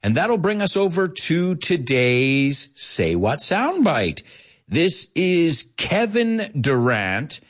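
A man's voice: fairly high pitch, very animated, slow. A middle-aged man hosting a casual show, playful and laughing often, explaining English words with Spanish glosses. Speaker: show host teaching English. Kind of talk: casual bilingual radio-style show.

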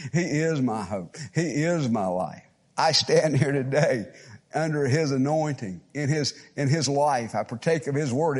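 A man preaching a fervent sermon, chuckling often and repeating phrases with rising fervor. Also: on the high side.

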